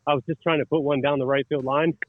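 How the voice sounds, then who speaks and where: A man's voice: on the high side, fairly even intonation, fast talker, no room sound, phone-quality sound. Breathless mic'd-up man on the field. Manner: jokey, self-mocking. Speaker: mic'd-up player. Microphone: wireless mic worn on the field.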